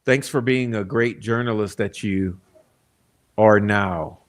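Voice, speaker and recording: A man's voice: on the low side, slow pace. Blunt, emphatic male stream host. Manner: blunt and emphatic, often checks in with "okay?"; casual, swears freely. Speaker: true crime channel host. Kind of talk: live-stream commentary reading and reacting to quotes.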